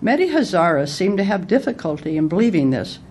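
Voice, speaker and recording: A woman with a fairly low voice talks through a book she has read, in a casual, conversational way. She retells its episodes plainly. A faint hiss sits under the recording. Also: big pitch swings, fairly quick, darkish tone. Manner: conversational, retelling anecdotes with acted-out quotes. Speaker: book reviewer. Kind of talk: casual spoken book review.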